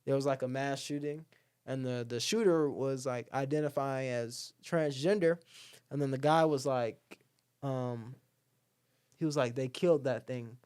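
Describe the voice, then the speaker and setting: A man's voice: medium pitch, measured pace, clear, resonant tone. A young man from Alabama, a podcast guest chatting casually and acting out the people in his stories. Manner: animated storyteller who acts out the people he quotes, heavy use of "like" and "bro". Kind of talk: casual conversation.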